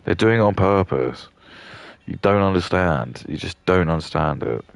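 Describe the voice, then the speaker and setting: A deep-voiced man rants through a casual live stream, swearing freely and rambling from point to point. His voice has a gravelly edge, and his pitch swings widely as he talks. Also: expressive, moderate pace, no echo. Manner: rambling, profane, heated ranting.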